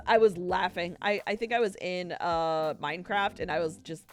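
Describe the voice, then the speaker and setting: A woman's voice: mid-range voice, normal speed. A woman streamer chatting casually with her viewers, rambling and laughing often at herself. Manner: giggly, rambling, self-mocking. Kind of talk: casual live-stream chat.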